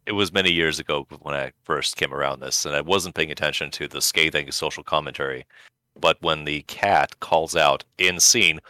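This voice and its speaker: A man's voice: rumbling low, normal speed, bright, forceful tone, dry recording. A man co-hosting a casual podcast, wry, with formal phrasing and dry jokes. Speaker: podcast co-host. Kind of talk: casual chat.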